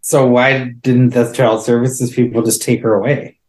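A man with a mid-pitched voice chats casually on a podcast. He mostly chimes in with short reactions and the odd question. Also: little pitch movement, moderate pace, darkish tone. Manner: brief reactive interjections and questions.

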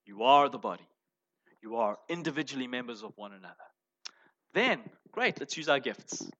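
A man preaching a sermon as pastor, emphatic, moving between loud stressed phrases and quiet asides. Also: medium pitch, big pitch swings, moderate pace. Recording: dull lo-fi sound.

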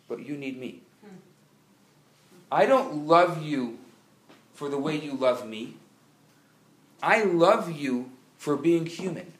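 Rabbi guy giving a live class, gets really fired up, kinda high voice, roomy echo. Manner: impassioned, rising to loud emphatic peaks. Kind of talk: live lecture. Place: lecture room. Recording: echoey room live recording.

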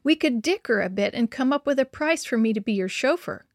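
A woman's voice: fairly high pitch, animated, fairly quick, dry recording. A woman reading a storybook, voicing a stern, wry middle-aged father in a dry, clipped way. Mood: teasing.

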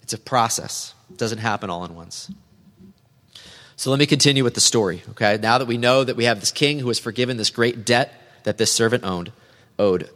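A man preaching an earnest, measured sermon as a pastor, reading scripture aloud. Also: medium pitch, fairly bright tone, long reverb tail.

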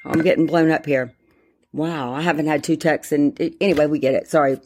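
Her voice sits low and steady, brisk yet a little mellow. She's a woman in her 50s hosting a podcast as a casual solo chat, rambling, cutting herself off and filling the gaps with ums.

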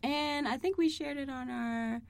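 A woman co-hosting a casual motherhood podcast, animated and playful. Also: high voice, measured pace, gravelly. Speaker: podcast co-host. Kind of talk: casual chat.

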